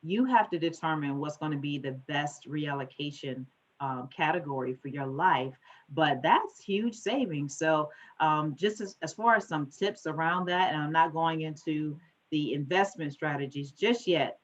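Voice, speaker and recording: A woman financial advisor giving an animated conference talk, speeding up when she gets excited. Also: low voice, unhurried.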